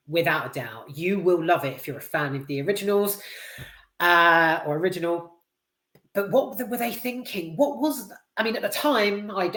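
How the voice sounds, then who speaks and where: A man's voice: on the high side, fairly bright tone. A British man reviewing a film in a loose, offhand ramble, swearing freely and talking candidly. His voice carries a noticeable room echo, as if recorded in a bare space. He sounds unscripted and chatty rather than polished. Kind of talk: casual spoken film review. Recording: roomy echo.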